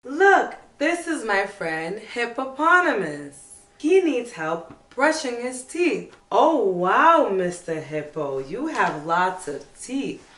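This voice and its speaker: Slow sing-song preschool teacher woman. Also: on the high side, roomy sound, distant mic. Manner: slow, sing-song and animated, with coaxing questions. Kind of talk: bilingual teaching for toddlers.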